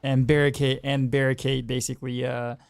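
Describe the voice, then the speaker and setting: A man's voice: medium pitch, level tone, a little fast, vocal fry, clean tone, no echo. A man casually commenting on his game as he streams, rambling and often restarting his sentences. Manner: rambling, repeats words, laughs easily. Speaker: game streamer and music teacher.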